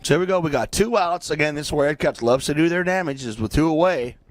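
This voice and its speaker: A man doing play-by-play for a local baseball game, chatty and joking between pitches. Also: fast talker, dry recording. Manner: joking, chatty, breaks into silly asides. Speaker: play-by-play announcer.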